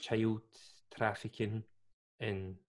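A man's voice: lowish voice, level tone, drawn-out words, a little mellow. A Scottish man co-hosting a podcast, chatting casually and rambling. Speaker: podcast co-host. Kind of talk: casual chat.

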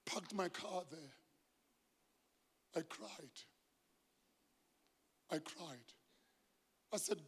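Male South African pastor, high tenor, impassioned sermon in a big echoing church. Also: drawn-out words, creaky, pauses often, slightly rough. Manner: impassioned preaching, swinging from hushed to shouted, mixes in Zulu phrases. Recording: long hall reverb.

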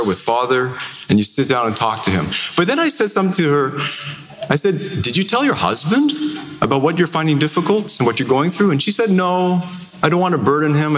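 Man, Canadian accent, priest, animated sermon, roomy church, faint noise. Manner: conversational storytelling with lively pitch swings. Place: large church.

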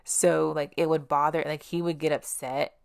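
A woman's voice: low-pitched, level tone, moderate pace, vocal fry, clear, resonant tone, no echo, studio quality. A young woman hosting a podcast, telling candid personal stories in a blunt, casual way and swearing freely. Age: young adult. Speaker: podcast host.

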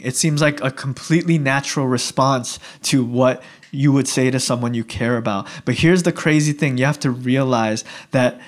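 A young man preaching a sermon in a casual, conversational way, often acting out what people would say. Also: medium pitch. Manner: animated, conversational, acting out dialogue. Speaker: pastor.

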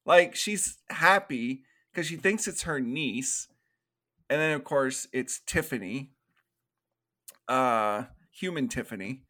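A man's voice: mid-range voice, lively intonation, slow, pushed and bright. A young man co-hosting a casual movie review podcast, recapping scenes in a rambling way with lots of fillers and swearing. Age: young adult. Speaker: podcast co-host.

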